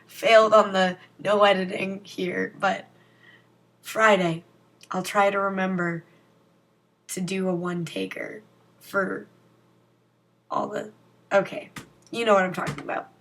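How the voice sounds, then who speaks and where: A woman's voice: medium pitch, lively intonation, unhurried, vocal fry, long pauses, a bit bright. A young woman talking casually to her viewers in a rambling, self-mocking vlog. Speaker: vlogger. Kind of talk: casual vlog chat to camera.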